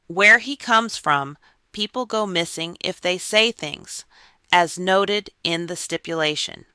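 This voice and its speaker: A news narrator reading a scripted court report in an even, measured way. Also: medium pitch, clean tone, dry recording.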